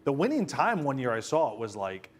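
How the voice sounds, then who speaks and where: A man's voice: mid-range voice, big pitch swings, fairly quick. A man co-hosting a TV weather chat show, talking casually and animatedly, often correcting himself.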